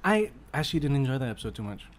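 A man co-hosting a podcast in casual chat, talking quickly and laughing often. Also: mid-range voice, very animated. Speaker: podcast co-host.

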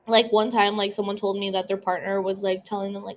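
A young woman hosting a podcast, talking quickly and casually with lots of swearing and filler words. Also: medium pitch, flat delivery, a little hiss or hum. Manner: fast, profane, lots of "like" fillers. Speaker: podcast host. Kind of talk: casual chat.

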